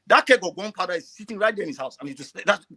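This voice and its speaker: A man on an online call, talking with deep emotion and stumbling over repeated words. His husky voice sits fairly high and swings widely in pitch as he presses his point, climbing toward shouts. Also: expressive, very fast. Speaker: caller. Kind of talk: impassioned call-in commentary.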